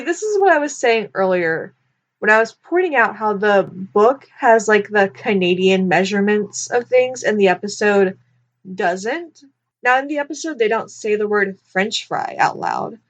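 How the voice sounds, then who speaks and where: A young woman giving casual commentary on a book, chatty and nitpicky, with lots of filler likes. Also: on the high side. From United States. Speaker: book reviewer.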